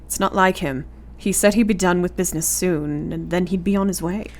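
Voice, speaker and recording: A woman playing a gentle young English woman in a radio play, who gently teases and reassures her friend. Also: on the low side, brisk, close to an everyday voice. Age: young adult.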